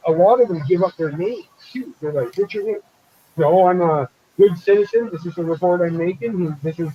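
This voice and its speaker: A man's voice: a little high, mellow, a little hiss or hum, poor audio. Blunt, swearing man on a call. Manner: blunt, swears, acts out quoted people. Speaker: show host. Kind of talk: casual live-stream chat.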